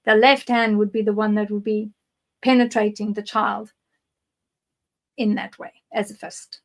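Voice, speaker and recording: A woman's voice: mid-range voice, flat delivery, moderate pace, creaky. A woman from South Africa with a South African accent, a guest psychic giving candid, rambling personal testimony in an interview.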